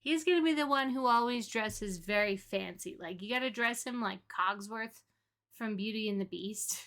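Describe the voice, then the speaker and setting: A woman's voice: medium pitch, moderate pace, fairly bright tone. A woman giving casual, chatty commentary while playing a game, laughing often. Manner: chatty and giggly. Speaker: gaming creator.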